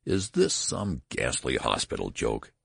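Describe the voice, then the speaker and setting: Man voicing a frantic hoarse father, gravelly, raspy, dry audiobook read. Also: very deep voice, huge pitch swings, a little slow, fairly bright tone, no room sound, pitched below the performer's own voice, full character voice. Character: frantic horrified middle-aged father. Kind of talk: audiobook character voice.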